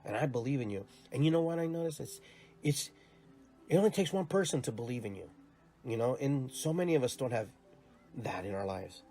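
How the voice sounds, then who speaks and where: A man's voice: mid-range voice, expressive, a little fast, long pauses, warm tone, soft background music. A man hosting his own show, talking in an earnest, rambling monologue with many repeated words. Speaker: podcast host and youth soccer coach. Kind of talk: casual reflective monologue.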